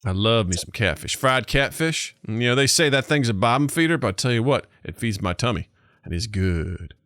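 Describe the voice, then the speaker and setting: A man doing a slow, drawling voice as a folksy rural American man who loves catfish, in a comic podcast bit. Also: medium pitch, animated, a bit bright, no room sound, clean studio sound. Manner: slow drawling good-old-boy talk.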